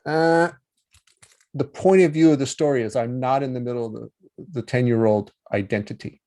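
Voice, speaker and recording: A man teaching about healing in a relaxed, conversational way, acting out inner voices with changing tones and checking in with the listener. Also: mid-range voice, moderate pace. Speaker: meditation teacher. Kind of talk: talk on healing.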